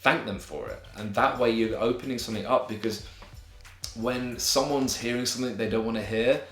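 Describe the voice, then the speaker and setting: A young man with an English accent speaks briskly in a mid-range, fairly bright voice. As a YouTuber, he fields viewer questions in an advice vlog, sounding earnest and supportive while using friendly slang, with echo and background music in the room.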